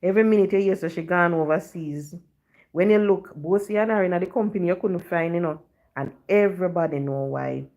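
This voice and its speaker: A woman's voice: on the low side, a little fast, a little mellow. A Jamaican woman telling a story to her live-stream viewers in chatty patois, often dropping in "you know".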